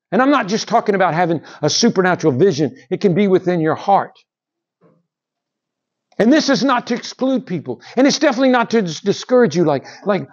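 A man preaching a sermon, swinging between raised, emphatic lines and hushed, drawn-out ones. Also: high-pitched, animated, dull audio. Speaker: pastor.

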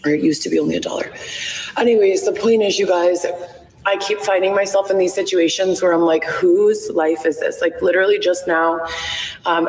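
A woman in her thirties talking on a live stream from her phone, rambling with lots of "like" and "um". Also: on the low side. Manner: rambling, frequent "like" and "um". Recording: echoey, roomy playback of a live stream.

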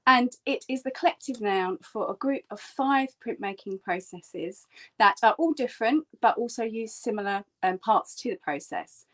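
A woman's voice: lively intonation, moderate pace. A woman, a print artist, giving a friendly and explanatory online printmaking lesson. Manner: chatty and explanatory, with bright lifts in pitch. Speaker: print artist teaching a workshop. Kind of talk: friendly online craft tutorial.

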